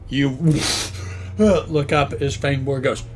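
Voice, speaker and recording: A man's voice: medium pitch, fairly even intonation, very slow. A man narrating a tabletop game as dungeon master, describing scenes and asking players what they do.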